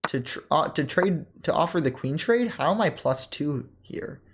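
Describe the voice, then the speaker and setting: A young man casually thinking aloud as he reviews his own chess game, often pausing with ums, correcting himself and laughing softly. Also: on the high side, animated. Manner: halting, self-correcting, many ums and laughs.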